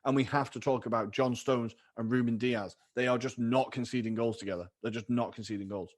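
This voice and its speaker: A chatty man co-hosting a podcast, talking in a middle-pitched voice. He is upbeat and breaks into laughs as he rattles through the weekend's fixtures. It is relaxed, casual football chat into a podcast mic. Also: a little fast. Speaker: podcast co-host.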